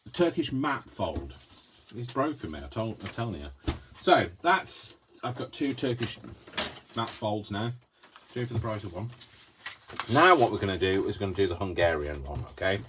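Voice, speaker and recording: A man with a very low voice hosts a live craft demonstration, chatty and prone to giggling. He is tired and giddy from little sleep and keeps talking to himself as he folds. The recording carries a steady layer of background noise. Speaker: crafting video host.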